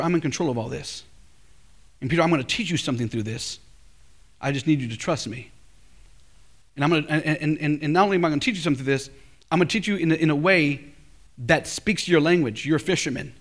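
At a college chapel, a middle-aged male pastor with a fairly high voice preaches through stories, swinging widely between loud and hushed.

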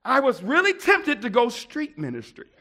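A middle-aged pastor from Buffalo, New York, telling a personal story in a sermon and swinging between loud outbursts and hushed asides. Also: male voice, extremely high pitch, wildly swooping pitch, moderate pace.

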